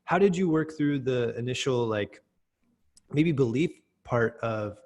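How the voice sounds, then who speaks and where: A man's voice: mid-range voice, moderate pace, a little mellow. Rambling American man hosting. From USA. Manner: rambling, hesitant, many fillers. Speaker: host. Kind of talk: casual interview chat.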